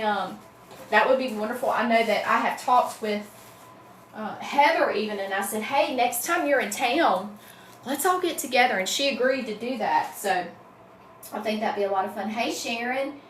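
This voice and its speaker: Southern woman, middle-aged, bright-pitched, chatty livestream host in an echoey room with faint hum. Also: animated, moderate pace. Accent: Southern American. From Southern US, North Carolina. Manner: chatty, greets viewers by name, says y'all. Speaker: wreath-making livestream host. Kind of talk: casual livestream chat.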